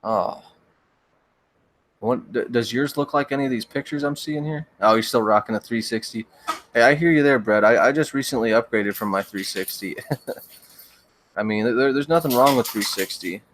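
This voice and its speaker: A young man hosting a livestream, chatting casually with viewers in a relaxed, rambling way with frequent stammered restarts. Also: medium pitch, moderate pace, slight background noise. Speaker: livestream host. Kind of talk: casual chat reading viewer comments.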